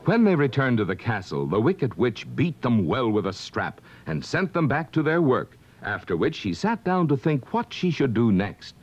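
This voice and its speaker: A man's voice: mid-range voice, sing-song, moderate pace, hardly any pauses. A man narrating a classic children's book on a vintage record, reading with dramatic expression. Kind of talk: scripted storybook narration. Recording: dull lo-fi vintage record with hiss.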